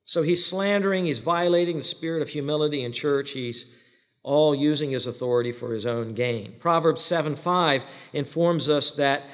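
A man's voice: fairly high pitch, normal speed, fairly bright tone. Emphatic preacher man in a reverberant hall. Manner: emphatic, asks the listeners questions and answers them. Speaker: pastor. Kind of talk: sermon. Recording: long reverb of a large hall.

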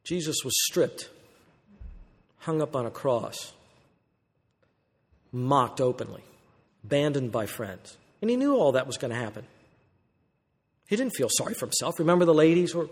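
Animated male preacher in a reverberant hall. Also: on the high side, normal speed, pauses often. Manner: animated preaching, acting out quoted voices, rhetorical questions. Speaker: pastor. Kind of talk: sermon. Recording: long reverb of a church hall.

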